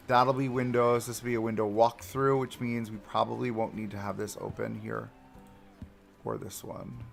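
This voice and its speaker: A man's voice: on the low side, creaky. A young man chatting casually to a live audience while building in a game, talking to himself, joking and grumbling at the controls. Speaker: streamer building a theme park live. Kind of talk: casual live-stream commentary.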